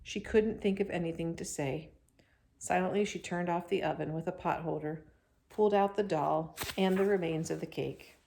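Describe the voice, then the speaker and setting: A woman reading a chapter book aloud to children, expressive and breaking off for chatty asides to them. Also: lowish voice, normal speed, gravelly.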